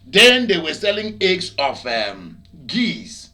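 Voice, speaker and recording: A man with a Nigerian accent preaching as a pastor, telling stories in an animated way that bursts into shouts and laughter. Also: high voice, slow. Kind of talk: preaching to a broadcast audience.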